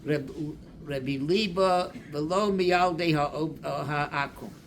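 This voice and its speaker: An older man, a rabbi delivering a slow, deliberate sermon that mixes Hebrew and Aramaic quotations into English. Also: a little high, slight background noise.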